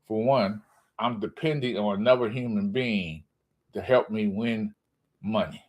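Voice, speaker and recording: A man's voice: on the low side, a little slow. A man hosting his own sports channel, ranting casually and mocking fans, often laughing.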